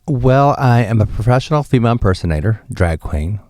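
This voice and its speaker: A man guest, a drag performer, telling stories in a casual interview with a lively, campy manner and bursts of laughter. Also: a little fast, no echo. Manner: animated, campy, laughs often, jumps up in pitch.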